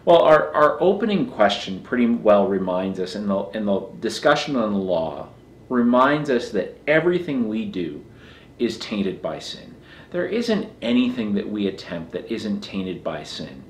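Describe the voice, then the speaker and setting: A man's voice: fairly low pitch, very animated, unhurried, echoey room. A man preaching a sermon as pastor, earnest, often repeating phrases as he builds a point.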